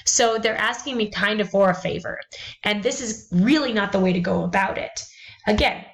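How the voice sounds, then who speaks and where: A woman's voice: medium pitch, moderate pace, poor audio. A woman teaching college English, lecturing bluntly about email etiquette with sarcastic, exasperated asides.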